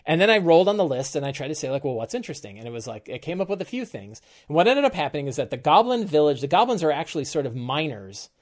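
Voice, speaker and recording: A middle-aged game master hosts a live stream about game prep, chatting casually and thinking aloud, often correcting himself mid-sentence. His voice is a little high and sing-song, fast, with hardly any pauses.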